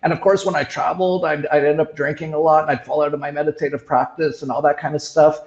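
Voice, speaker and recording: A man's voice: a little high, flat delivery, fast, roomy sound, dull audio. A middle-aged man from Canada talking casually in an interview, rambling with many restarts and fillers. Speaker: show host.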